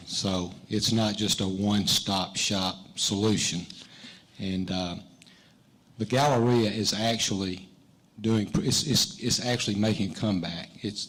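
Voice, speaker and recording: A man's voice: on the low side, low-quality recording. A man, a sitting mayor answering confidently and rebutting his opponent at a candidate forum. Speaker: mayor running for reelection.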